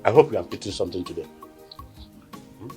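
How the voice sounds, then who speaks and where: A Nigerian man acting as a husband and brother, pleading with his family to calm down. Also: deep voice, fast, soft background music. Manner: pleading, soothing, then exasperated. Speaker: husband and brother trying to make peace. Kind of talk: Nollywood film acting.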